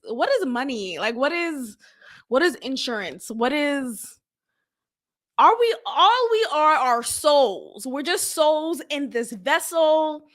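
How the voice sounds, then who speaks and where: Bright, high-voiced woman podcaster. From Boston. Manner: rambling, animated, laughs often, swings from loud to soft. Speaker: podcast host. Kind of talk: casual solo podcast chat.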